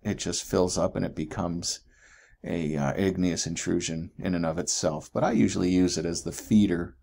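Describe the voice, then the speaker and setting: A man's voice: low-pitched, steady tone, moderate pace, vocal fry, mellow. A man teaching geology in a chatty recorded lecture, often asking "right?" and correcting himself as he goes.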